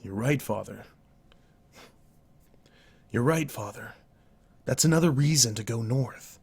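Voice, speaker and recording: A man's voice: medium pitch, slow pace, gravelly, darkish tone, breathy edge, full character voice. Atu, a man reading as an earnest young hunter.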